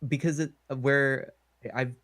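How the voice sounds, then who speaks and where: A man's voice: medium pitch, fairly even intonation, measured pace, fairly bright tone. A man from the Pacific Northwest, chatting casually on a stream and quizzing the others. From Pacific Northwest, USA. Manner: chatty storyteller, asks the group questions. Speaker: stream co-host. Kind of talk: casual chat.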